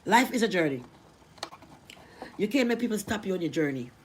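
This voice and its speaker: A middle-aged woman from Jamaica with a Jamaican accent, telling her life story in a rambling, animated way. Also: a little fast, slight background noise. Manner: rambling, animated, rising to cries at high points. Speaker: vlogger. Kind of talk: emotional storytelling.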